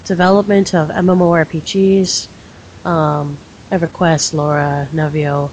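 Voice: mid-range voice, flat delivery, unhurried, a little mellow. A podcast co-host explaining game mechanics step by step in casual chat. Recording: dull lo-fi mic with faint hiss.

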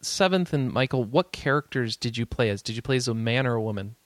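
A man's voice: medium pitch, quick pace, no echo. A man hosting a podcast who chats casually and keeps asking the others questions. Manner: inquisitive, lively, questioning. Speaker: podcast host.

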